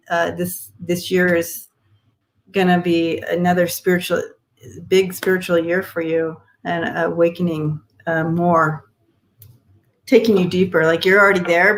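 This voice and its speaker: A woman's voice: lowish voice, fairly even intonation, normal speed, slight background noise, poor audio. A woman co-hosting a live stream, giving loose, hesitant tarot readings with many fillers. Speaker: co-host and tarot card reader.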